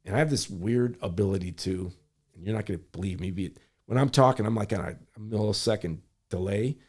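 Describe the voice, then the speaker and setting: A middle-aged man from Michigan speaks in a somewhat low voice as a guest in a conversation. He tells a story with animation, slipping into the voices of the people in it. He often restarts and corrects himself mid-sentence. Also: darkish tone. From Michigan, USA. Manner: acts out quoted voices, rapid self-corrections. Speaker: guest, public servant.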